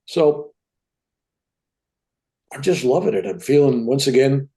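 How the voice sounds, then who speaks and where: A man in his seventies, a guest telling a personal story in an animated way, often tagging his sentences with "right?". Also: mid-range voice, slow. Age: 70s. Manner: animated, tag questions like "right?".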